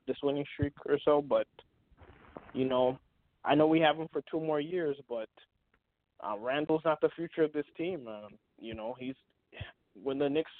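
A man's voice: medium pitch, dry recording. A man hosting a casual sports talk show, rambling with many restarts and fillers. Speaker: podcast host. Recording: tinny phone-like line, dry.

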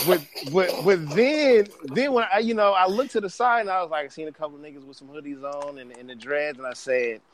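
A man's voice: fairly high pitch, brisk. A man telling stories in a casual podcast chat, full of restarts and profanity. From Bay Area, California. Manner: animated storytelling with restarts and profanity.

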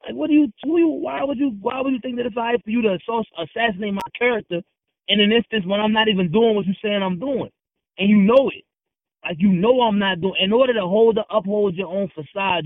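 A man's voice: high voice, no room sound. A man talking as a podcast guest, heated and confrontational, full of slang and repeating himself. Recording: tinny phone-like sound.

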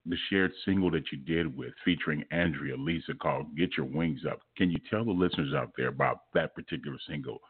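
Very deep husky radio host. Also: male voice, a little fast, hardly any pauses, no room sound. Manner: laughs often, warm radio patter. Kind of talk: radio interview. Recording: tinny phone-like line.

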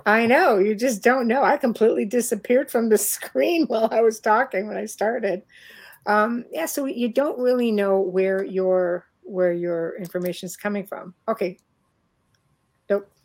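A middle-aged woman with a Canadian accent, chatting away over a video call. She talks at an easy, ordinary pitch and breaks into laughter often as she tells her story. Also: fairly even intonation, moderate pace. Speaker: host. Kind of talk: casual chat on a video call.

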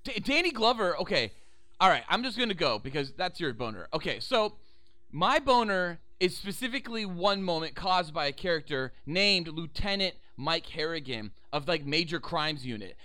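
A young man chats on a podcast, excitable and profane, with a high, bright voice that leaps all over the place. His voice is close and dry. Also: moderate pace, no room sound. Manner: excitable, profane, reenacts movie scenes. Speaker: podcast co-host. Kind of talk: casual chat.

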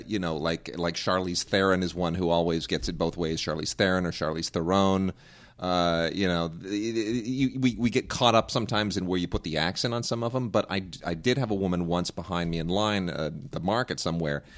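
A man's voice: low-pitched, brisk, hardly any pauses, fairly bright tone. A man co-hosting a podcast in casual chat, telling stories animatedly, repeating words and mimicking how names are said. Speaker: podcast co-host.

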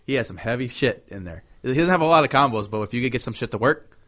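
A man's voice: medium pitch, animated, fast talker, a bit bright. A man hosting a casual, rambling chat about video games, swearing freely.

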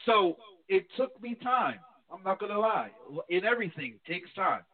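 A man's voice: high voice, normal speed. A man from New Jersey, a pastor, talking candidly and reflectively in a casual talk show chat. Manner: candid, reflective, animated when quoting his wife. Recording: tinny phone line.

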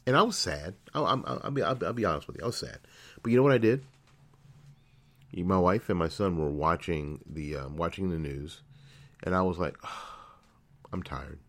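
Into a studio mic, a middle-aged man with a very low, deep voice tells a personal story on his own internet radio show. His loose, casual monologue moves at a moderate pace with long pauses. He often repeats phrases and restarts sentences to correct himself.

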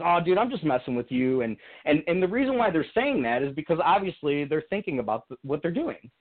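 Earnest man on a tinny phone line. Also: a little high. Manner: reflective, earnest, many restarts and fillers. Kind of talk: casual conversational storytelling.

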